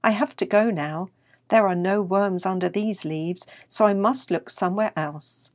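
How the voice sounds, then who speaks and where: Big busy blackbird, a woman reading it out, brisk and matter-of-fact, storybook. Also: medium pitch, a little mellow, no echo, studio quality, lightly acted.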